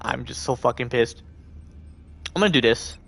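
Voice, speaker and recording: A man streaming a game, cursing at the characters and grumbling to himself in a loose, irritated ramble. His voice sits at an ordinary pitch. Faint game music runs underneath. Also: moderate pace, creaky, fairly bright tone. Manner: frustrated, swearing, talking to himself. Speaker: gaming streamer. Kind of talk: casual live-stream commentary.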